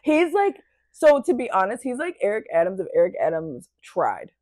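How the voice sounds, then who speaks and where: A woman comedian from Baltimore, with a Baltimore accent, chatting casually on a podcast and slipping into quick mock voices. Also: mid-range voice, no echo. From Baltimore, USA. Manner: animated, slips into mock voices and quick asides.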